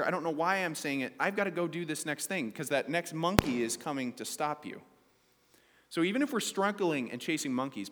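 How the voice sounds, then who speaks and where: A man's voice: on the high side, a bit bright, in a large hall. A male pastor preaching a sermon to his congregation, asking them questions as he goes and reading scripture aloud.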